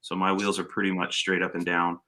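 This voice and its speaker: A man's voice: low-pitched, fairly quick. A man hosting a casual chat, telling stories loosely and swearing freely. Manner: storytelling, swears freely, animated when retelling. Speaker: podcast host.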